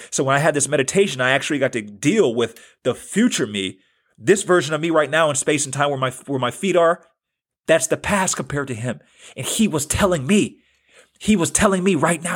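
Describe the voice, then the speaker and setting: A man's voice: fairly high pitch, animated, a little fast, a bit bright, slightly rough. A man in his thirties hosting a spiritual self-help podcast, earnest and casual, repeating phrases for emphasis. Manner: earnest, repetitive, casual slang. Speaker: podcast host.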